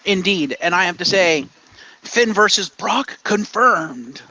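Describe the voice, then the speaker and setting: Bright, opinionated man arguing wrestling booking. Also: sits high, slow. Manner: animated and opinionated, acts out quotes, swears. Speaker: podcast co-host. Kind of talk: casual opinionated chat.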